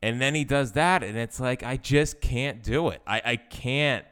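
A man's voice: mid-range voice, unhurried, a bit bright, clean tone. A young man co-hosting a sports podcast, rambling in casual chat and venting his frustration as a fan.

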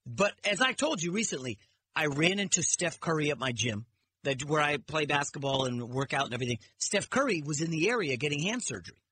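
Middle-aged sports radio guy, bright ringing voice, tells stories and does the quotes. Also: fairly high pitch, brisk, a little hiss or hum. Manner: animated storyteller, acts out quotes. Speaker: guest radio host. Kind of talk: sports talk radio debate.

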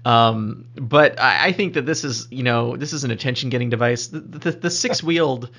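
A man with a medium-pitched voice co-hosts a casual podcast chat. He gives blunt opinions with a dry, wry edge. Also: moderate pace, gravelly, sharp tone. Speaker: podcast co-host.

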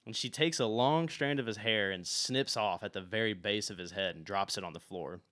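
A young man running a tabletop game as game master, narrating in a relaxed way with many fillers. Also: on the low side, normal speed, dry recording, clean studio sound.

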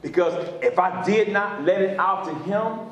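Man, pastor, sermon, repetitive call-and-response, high voice, very echoey room. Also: normal speed, muffled recording, slight background noise. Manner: preachy call-and-response, repeats phrases. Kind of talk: sermon teaching.

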